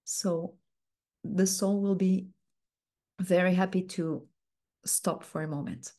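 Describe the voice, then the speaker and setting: Slow, soft-spoken woman mentor. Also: lowish voice, fairly even intonation. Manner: slow, soft-spoken, uses many fillers. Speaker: coaching mentor. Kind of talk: teaching coaching technique.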